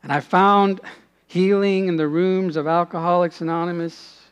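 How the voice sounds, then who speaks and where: A man delivers a sermon in a notably high, light voice. He preaches earnestly and sinks to a hushed tone in prayerful moments. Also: steady tone, normal speed, clear, resonant tone, lo-fi sound. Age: adult, father has passed away. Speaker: pastor.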